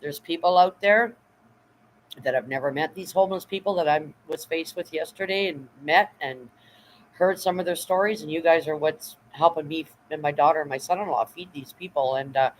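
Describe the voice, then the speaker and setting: A woman's voice: low-pitched, moderate pace, a little hiss or hum, rough recording. A middle-aged woman hosting a casual livestream, emotional and effusive, rambling with fillers and thanking viewers often. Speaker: livestream host.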